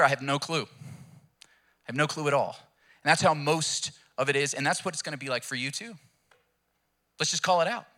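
A man's voice: on the high side, bright, forceful tone. A young adult man preaching a sermon in a casual, storytelling way with jokes. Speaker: pastor.

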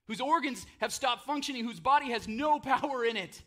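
A male pastor preaching a sermon, telling the story dramatically, dropping to a hush and then booming out names, with casual joking asides. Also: sing-song, a little fast.

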